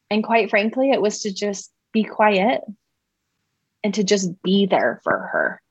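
A woman's voice: medium pitch, a bit bright, no room sound. Woman, 30s, mother telling a story, conversational, dry close sound, a little muffled. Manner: conversational, heavy use of "like" and "right?". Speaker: mother sharing a parenting story. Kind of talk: personal storytelling talk. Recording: dull, slightly muffled sound.

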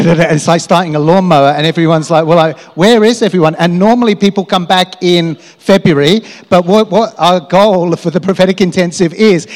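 Enthusiastic male church leader on announcements, slightly high, reverberant hall. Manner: upbeat, enthusiastic, asks the crowd questions.

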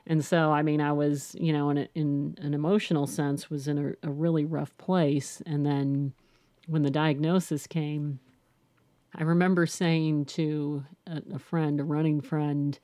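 A woman's voice: low-pitched, level tone, measured pace, mellow, no room sound. A middle-aged woman, a guest, telling her personal story candidly and reflectively, often restarting and saying "you know".

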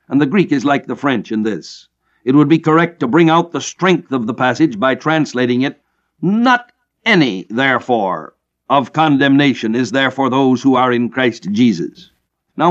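Measured preacher man, lo-fi recording. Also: mid-range voice. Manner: measured, emphatic, slows down on key phrases. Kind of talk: expository Bible teaching. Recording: dull lo-fi recording.

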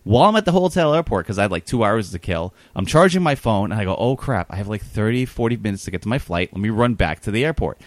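A guest tells a long, rambling story in casual conversation, his voice on the low side. He talks fast with few pauses on a dry recording, animated and full of fillers and quoted dialogue.

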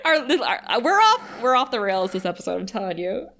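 A woman co-host chatting loosely about a TV episode. She breaks into giggles often and swears with relish, and her talk is quick and unguarded. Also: fairly high pitch, sing-song, pushed and bright. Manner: giggly and profane, laughs often. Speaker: podcast co-host. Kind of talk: casual chat recapping a TV episode.

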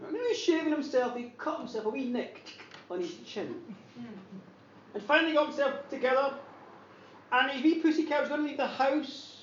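Scottish woman spinning a gory funny story, high voice, echoey and far from the mic. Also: moderate pace, long pauses. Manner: animated, laughing, dramatic. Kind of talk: comic horror storytelling. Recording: echoey distant dull recording, noisy.

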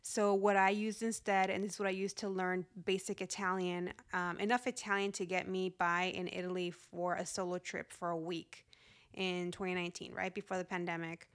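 A woman's voice: fairly low pitch, flat delivery, normal speed, smooth. A woman in her thirties hosting her own podcast, talking casually and upbeat with frequent laughs. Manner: chatty, upbeat, laughs often. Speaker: podcast host. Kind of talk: casual solo podcast talk.

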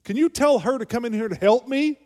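A man's voice: mid-range voice, fairly even intonation, normal speed, mellow, close to an everyday voice. A preacher voicing a frazzled, overworked woman who complains shrilly and in exasperation. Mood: shrill. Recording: long hall reverb.

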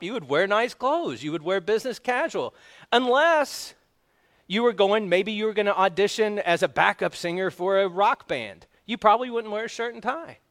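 A man preaching a sermon as pastor, in a conversational way with quick asides to the congregation. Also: high-pitched, a bit bright.

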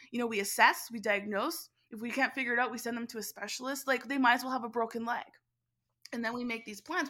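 Woman, middle-aged, telling an animated story in an interview, bright clear voice, laughs a lot. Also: on the high side. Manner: animated, laughs often, speeds up when excited. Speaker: education instructor, interview guest. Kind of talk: conversational storytelling.

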